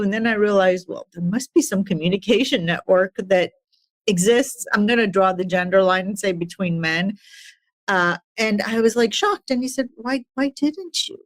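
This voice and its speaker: A woman's voice: mid-range voice, no room sound. A woman in her forties, an executive coach, telling her story earnestly as a podcast guest. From immigrant to the United States. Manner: earnest, animated when retelling stories.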